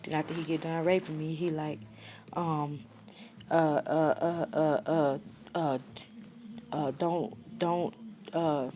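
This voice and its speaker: Woman, 20s, deep low voice, blunt, slangy, casual vlog storytelling. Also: steady tone, slow pace, long pauses, dark tone, a little hiss or hum. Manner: blunt, slangy and matter-of-fact, little emotion shown. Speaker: storyteller vlogger. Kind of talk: casual story time monologue.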